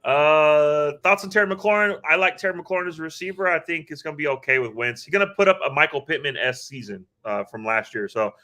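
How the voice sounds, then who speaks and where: A man's voice: on the high side, fast, hardly any pauses, pushed and bright. A man co-hosting a live fantasy football draft stream, casual and hyped, using slang and answering viewer questions. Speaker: podcast co-host.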